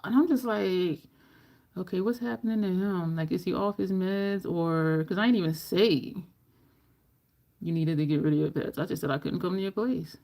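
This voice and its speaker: A woman makeup vlogger chatting casually through a tutorial, animated, swearing and laughing as she acts out the people in her story. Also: fairly low pitch, moderate pace, creaky.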